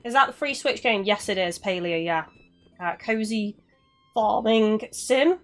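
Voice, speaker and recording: A woman's voice: on the high side, a little slow, soft background music. Chatty woman streaming a cozy game. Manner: chatty, talks to chat, swears casually. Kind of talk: casual live-stream commentary.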